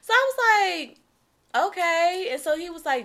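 A young woman co-hosting a casual podcast, telling a story with lots of energy, acting out quotes with shouts and laughter. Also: extremely high pitch, very animated, moderate pace. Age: young adult. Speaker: podcast co-host.

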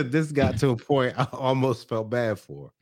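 A man's voice: medium pitch, slow. A man co-hosting a casual podcast, recapping a reality show and acting out the people in it. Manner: animated, acts out quoted people in changed voices. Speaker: podcast co-host.

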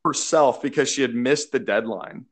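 Animated storytelling man. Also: medium pitch, moderate pace. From Canada. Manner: animated, acts out quotes with laughter. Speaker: beverage marketer. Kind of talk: casual storytelling chat.

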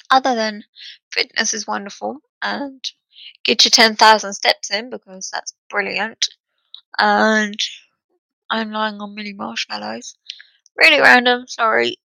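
A young woman hosts her own podcast in a scattered, self-mocking ramble. Her voice sits a little high, bright with a gravelly edge. The recording is dry and close, with no room around her. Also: no room sound, poor audio. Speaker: podcast host.

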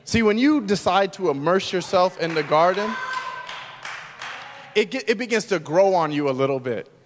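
A man pastor preaching a sermon, moving between loud, emphatic lines and hushed, quiet ones. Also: sits high, expressive, moderate pace, in a large hall, noisy background.

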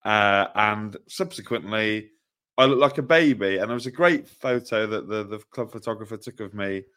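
Young man, lowish voice, self-mocking, casual podcast storyteller. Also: moderate pace, a bit bright. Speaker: podcast co-host.

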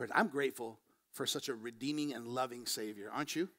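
A man preaching a sermon as pastor, moving between quiet, slow passages and quick, raised emphatic bursts. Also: medium pitch. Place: church.

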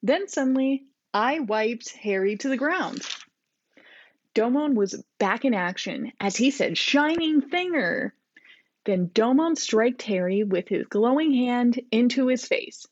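A podcast co-host with a slightly high, expressive, somewhat mellow voice reads her childhood fanfiction aloud at an unhurried pace, laughing at her own writing. The recording is dull lo-fi with no echo.

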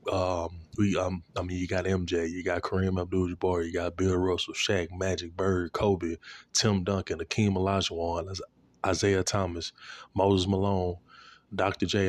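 A man in a casual, profane sports rant, animated and repeating himself, aimed at a commentator. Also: sits low, no echo.

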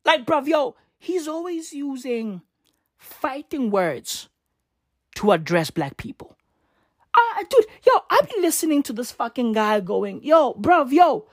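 A woman's voice: high voice, sing-song, slow pace, dry recording, studio quality. A young woman, ranting in slangy, profane commentary and repeating tag questions. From South Africa. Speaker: vlogger.

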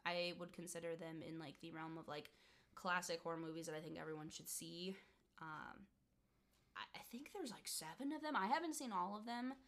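A young woman co-hosting a podcast rambles casually about horror movies, filling her talk with fillers and laughter. Her voice sits fairly low, moves a little fast and has a fairly bright tone.

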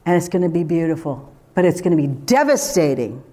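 A woman's voice: low voice, sing-song, fairly quick, dark tone. Woman preaching a conversational sermon. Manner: conversational, emphatic, with rhetorical questions.

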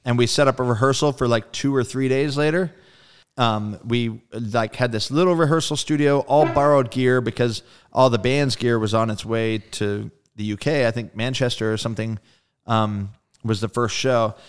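A man with a smooth, clear voice at an ordinary pitch, telling a story in a relaxed interview. He talks in an animated, casual way, acts out what others said and swears freely. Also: normal speed. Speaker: guest musician.

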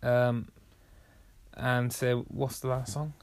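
A woman co-hosting a casual film podcast, dry and deadpan. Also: very deep voice, slow pace, clear, resonant tone. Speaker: podcast co-host. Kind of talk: casual chat film review.

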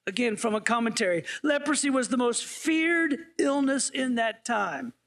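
A man's voice: very high-pitched, lively intonation, normal speed, vocal fry, a bit bright. A male interim pastor preaching a sermon in a conversational way, often asking the congregation playful questions.

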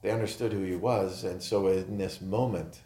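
A man's voice: sits low, fairly even intonation, moderate pace, warm tone. Earnest male pastor in a roomy church. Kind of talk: sermon. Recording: roomy echo.

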